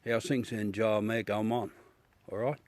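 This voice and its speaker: A man's voice: on the low side, level tone, unhurried, dry recording. A middle-aged Australian man chatting casually and bluntly with viewers on a livestream, swearing and calling everyone mate. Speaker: livestream host. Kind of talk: casual live chat with viewers.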